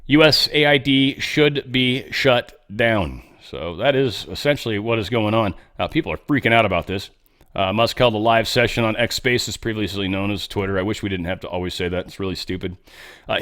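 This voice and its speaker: Guy doing a political commentary show, swears a lot, rambles off on tangents, mid-pitched everyday voice. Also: a bit bright. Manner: blunt, swears, rambling off-the-cuff asides. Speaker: host.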